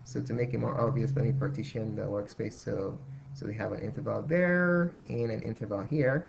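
Gravelly guy walking thru a math problem, dull lo-fi sound, stops and restarts a lot. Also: lowish voice, moderate pace, a little hiss or hum. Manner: thinks aloud, many restarts and fillers. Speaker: math teacher. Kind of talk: whiteboard math lesson. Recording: dull lo-fi recording.

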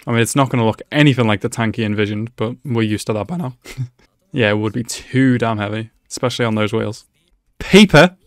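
Brisk and mid-range, the man's voice is dry and studio-clean. As host of an anime reaction video, he reacts live and casually, laughing frequently, exclaiming excitedly, and making asides to the screen.

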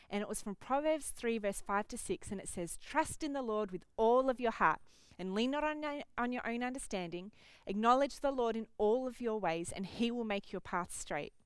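A woman's voice: a little high, clean tone, no room sound. A woman pastor teaching children at an online church service, speaking directly to the kids in an encouraging way.

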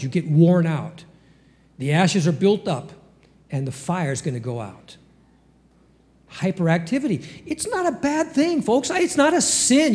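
A male pastor preaching with an animated, fairly high voice that leaps up and drops back down between rhetorical questions. His voice rings out in a church hall with a long reverb tail. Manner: lively preaching with sudden pitch jumps and rhetorical questions. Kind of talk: sermon. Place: church sanctuary.

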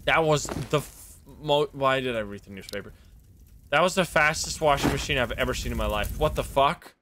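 A man's voice: medium pitch, moderate pace, noisy background. A man thinking aloud and reacting to the game as he plays, on a live gameplay stream.

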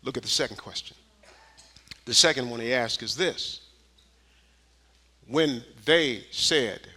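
A man preaching a sermon in church, dropping to a hush and climbing to shouted, repeated rhetorical questions with folksy street phrasing. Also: medium pitch, slow, long pauses. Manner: preaching with swings from hushed to shouted calls. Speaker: pastor. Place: church sanctuary.

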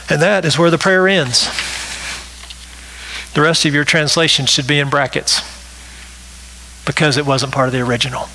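A man's voice: a little high, fairly even intonation, moderate pace, pauses often, bright, forceful tone, slight background noise, poor audio. A male pastor delivering a sermon, emphatic and repetitive, often checking in with the congregation with a rhetorical "right?".

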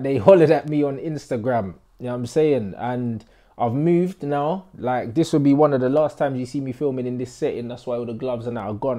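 Slangy young man, mellow voice. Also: medium pitch. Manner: excitable, slang-heavy banter. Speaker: football fan vlogger. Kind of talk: casual match reaction vlog. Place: indoor room in a flat being moved out of.

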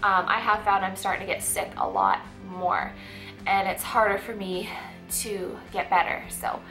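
A woman's voice: mid-range voice, fairly even intonation, moderate pace, bright, forceful tone, faint music behind. A young woman vlogging in a casual chat to camera, stuffy and out of breath, talking with lots of fillers. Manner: chatty, many fillers and likes.

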